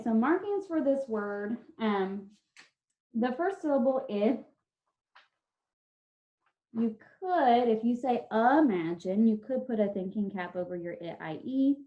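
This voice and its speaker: A woman teacher walks children through a spelling lesson online, sounding out syllables slowly and patiently. Her voice sits at a middle pitch. The video call audio is dull and lo-fi. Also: warm tone.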